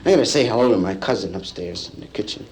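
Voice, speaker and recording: A male stand-up comedian telling a story to a live audience, acting out the people in it with lively punchlines, from an old vinyl comedy album. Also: lowish voice, fast talker, heavy background noise. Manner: acts out characters in the story, lively punchline delivery. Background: audience laughter.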